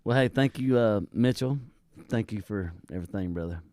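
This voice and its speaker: A man's voice: on the low side, normal speed. A man, a podcast host effusively wrapping up a live show. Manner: warm, effusive sign-off, Southern "y'all". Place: live music venue.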